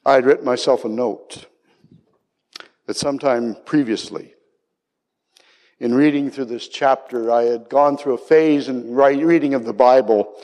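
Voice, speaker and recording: Slow, impassioned male preacher in a reverberant hall. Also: medium pitch, a little mellow. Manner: impassioned, rising to cries on quoted words. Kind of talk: sermon.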